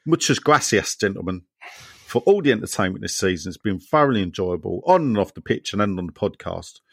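This man's low, fairly quick voice is creaky and a bit rough as he hosts a podcast, reading out listener messages and joking animatedly with his co-hosts. The sound is clean studio audio with no echo.

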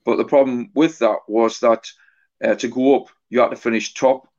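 Halting man, flat voice, dull recording. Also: medium pitch. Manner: halting, often repeats words and restarts. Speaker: author guest. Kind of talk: conversational storytelling interview.

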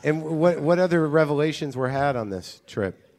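Man hosting, lively rambling chat. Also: fairly high pitch, moderate pace. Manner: rambling, self-deprecating musing. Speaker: podcast host. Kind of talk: casual interview chat.

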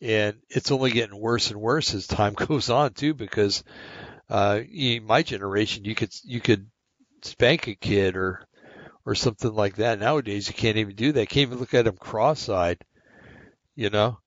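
A man's voice: fairly low pitch, normal speed, no echo, dull audio. An older man hosting a podcast, giving a blunt, rambling, opinionated monologue that restarts often. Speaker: podcast host.

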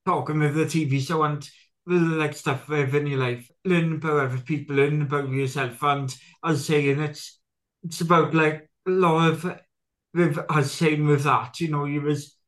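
A man hosting a casual conversation, who speaks haltingly and often stops to search for words. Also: fairly high pitch, steady tone. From Great Britain.

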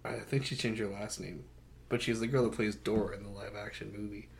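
A young man co-hosting a casual film podcast, mocking and getting loud and animated as he rants. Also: lowish voice, fairly quick, gravelly, slight background noise. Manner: mocking, gets loud and animated when ranting. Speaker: podcast co-host. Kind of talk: casual movie chat.

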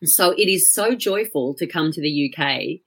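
Aussie woman on a podcast, lowish voice, rambly stories with lots of ums. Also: expressive, normal speed, fairly bright tone, husky. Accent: Australian. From Australia. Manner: chatty storyteller with frequent fillers and restarts. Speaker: guest. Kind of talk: casual podcast chat. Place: at home.

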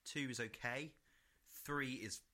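A man's voice: mid-range voice, slow pace, bright, forceful tone. A young man from co-hosting a podcast, chatting in a rambling, sweary way and acting out what people said. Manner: rambling and sweary, full of "like", acts out quotes. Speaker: podcast co-host. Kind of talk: casual chat.

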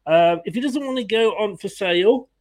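Man, football fan host, opinionated chatter with laughs, slightly higher voice. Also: expressive, moderate pace, a little mellow. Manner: chatty, opinionated, laughs often, greets viewers. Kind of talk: casual live-stream chat.

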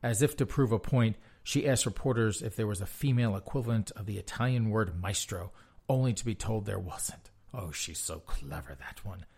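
A man's voice: lowish voice, brisk, a little mellow, breathy edge. A man reading news articles aloud and mocking them with sarcastic asides. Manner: mocking asides between read-out passages.

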